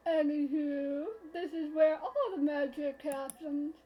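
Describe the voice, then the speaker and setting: A woman's voice: high-pitched, little pitch movement, takes it slowly, warm tone, rough recording. A woman voicing a teasing, bubbly God. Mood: chatty. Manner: teasing, playful and bouncy. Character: brash upbeat female God, teasing and chatty. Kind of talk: reading a visual novel aloud on a live stream.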